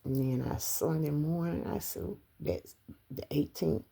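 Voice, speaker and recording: In a personal vlog about her husband's death, a middle-aged widow cries, rambles and drops into whispers. Her low, warm voice is slightly rough with vocal fry, and she talks a little slowly.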